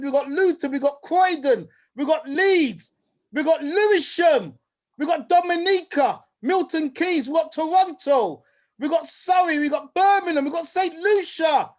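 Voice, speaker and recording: A man hosts an online talk in a lively, playful way, reeling off shout-outs in quick lists. His voice sits notably high for a man. He comes across over a video call. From United Kingdom. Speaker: host. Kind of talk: lively online event hosting.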